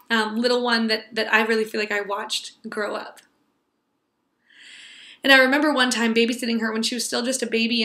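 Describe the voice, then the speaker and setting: A young woman tells a heartfelt personal story to a class. Her voice sits a little high and sounds bright and clear. She speaks earnestly and tenderly, dropping to a near hush in the quiet moments. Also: roomy sound.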